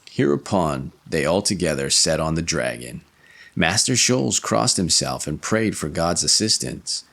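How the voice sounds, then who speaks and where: A man narrating a fairy tale in an expressive storybook reading. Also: low-pitched, moderate pace, gravelly, husky.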